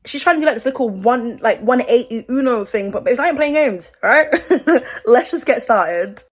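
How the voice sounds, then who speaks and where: A woman's voice: fairly high pitch, lively intonation, moderate pace. A British woman chatting sassily in a get-ready-with-me commentary from her bedroom, laughing often and using slang. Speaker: commentary YouTuber.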